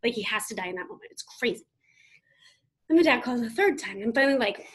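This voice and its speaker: A woman's voice: on the high side, lively intonation, moderate pace, pauses often, a bit bright, slightly rough. A woman in her thirties giving a motivational keynote speech, emphatic and punchy, speaking straight to her audience. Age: 30s.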